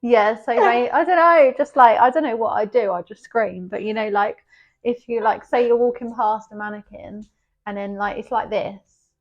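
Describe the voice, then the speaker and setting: A woman's voice: fairly high pitch, moderate pace, dull audio. A young woman in a casual chat as podcast co-host, giggling and acting out scary moments.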